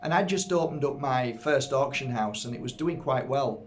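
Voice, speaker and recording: A man's voice: mid-range voice, moderate pace, faint music behind. Earnest middle-aged man from Yorkshire. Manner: earnest, heartfelt, musing. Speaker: energy healer and spiritual teacher. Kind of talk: reflective personal talk to viewers.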